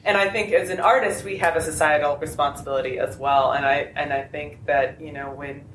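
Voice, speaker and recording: A woman's voice: sits low, a bit bright. A woman speaking on a convention panel, impassioned and rambling with restarts. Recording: echoey room with faint noise.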